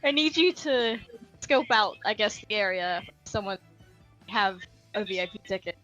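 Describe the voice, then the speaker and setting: Woman, tabletop game player, bright tense voice, hesitant, faint music. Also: medium pitch, animated, normal speed, highs cut off. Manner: hesitant, trailing off, giggly.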